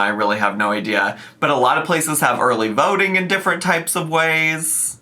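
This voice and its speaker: Bright-voiced man doing sarcastic commentary. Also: fairly high pitch. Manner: sarcastic, exasperated, chatty. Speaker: commentary YouTuber. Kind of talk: reaction commentary.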